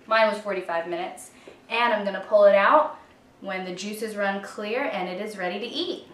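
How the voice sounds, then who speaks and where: A woman's voice: medium pitch, normal speed. A woman in her twenties giving a chatty, upbeat cooking demonstration in her kitchen, joking about herself as she goes. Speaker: home cook. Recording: roomy kitchen audio from a distance with faint guitar music.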